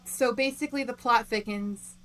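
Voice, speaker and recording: A woman's voice: on the high side, moderate pace, a bit bright. A woman co-hosting a book club podcast, chatting casually and laughing often as she acts out characters.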